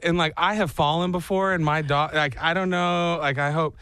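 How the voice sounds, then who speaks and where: A man's voice: on the high side, normal speed, clean tone, no echo. A man hosting a radio show, chatting casually and joking, often acting out silly voices. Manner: animated, jokey, acts out voices for dogs and himself. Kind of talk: casual morning radio banter.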